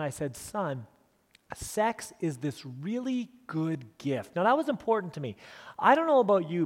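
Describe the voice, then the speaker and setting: A man in his forties speaks as a pastor, telling a family story in a sermon with earnest, self-deprecating humor and frequent false starts. His voice sits high for a man. It carries the long reverb of a large church hall.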